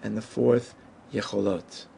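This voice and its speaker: A man teaching a Hebrew lesson at a whiteboard, explaining patiently and saying each Hebrew word slowly and carefully. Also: on the low side, steady tone, creaky, dark tone, a little hiss or hum.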